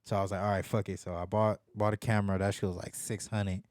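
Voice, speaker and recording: A young man in casual podcast chat, telling a profane story and jumping into lively voices when he quotes people. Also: lowish voice, quick pace, dry recording, clean studio sound. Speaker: podcast host.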